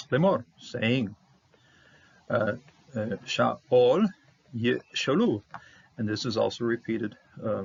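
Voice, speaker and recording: Gravelly man teaching Hebrew, lo-fi. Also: medium pitch. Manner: halting, many fillers and restarts, repeats words for stress. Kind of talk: verse-by-verse Hebrew lesson. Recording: dull lo-fi audio with faint noise.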